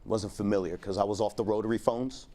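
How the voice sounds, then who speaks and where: A man's voice: on the low side, fairly even intonation, fast talker, warm tone. A man in his thirties doing a stand-up set in a laid-back, rambling, crude way, full of fillers. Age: 30s. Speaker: stand-up comedian.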